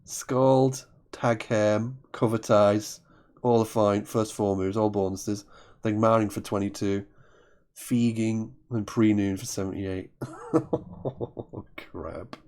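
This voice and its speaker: A man calls a word game live, thinking aloud as he goes and often stopping to correct himself. His voice sits fairly low, with a soft, mellow tone. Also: steady tone, slow pace. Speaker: Scrabble commentator.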